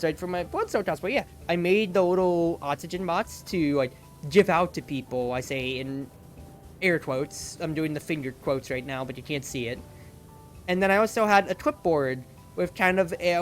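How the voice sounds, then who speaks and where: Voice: medium pitch, normal speed. Rambling streamer with faint music behind. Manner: rambling storytelling, heavy use of "like". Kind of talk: casual stream chat while playing.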